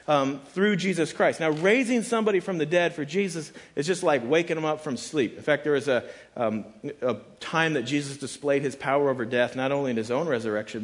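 A man's voice: on the high side, a bit bright. A man preaching a sermon as pastor. He talks casually and conversationally, fills his speech with "like," and acts out the people he quotes. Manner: casual and conversational, with frequent "like" fillers; dramatic, voices the people in his scripture quotes.

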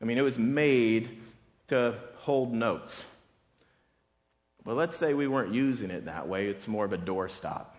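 A man's voice: medium pitch, unhurried, pauses often. A man preaching a sermon as a pastor, speaking in a conversational, emphatic way that often repeats words and restarts phrases. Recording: long reverb of a hall.

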